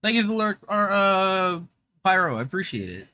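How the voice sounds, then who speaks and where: A young man talking through a casual gaming livestream, chatty and upbeat with plenty of filler words. His voice is bright and lively, bouncing around in pitch as he chats to viewers. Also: moderate pace. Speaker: VTuber streamer.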